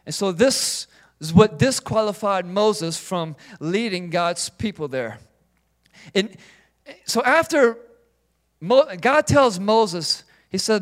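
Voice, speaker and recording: A middle-aged male pastor preaching a sermon in an animated way. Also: high voice, takes it slowly. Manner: animated, acts out biblical figures in quoted voices.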